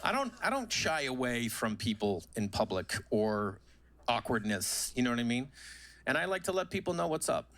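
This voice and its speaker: A man's voice: lowish voice, a bit bright. A male stand-up comedian telling stories on a club stage in a conversational, self-mocking way, into a handheld mic.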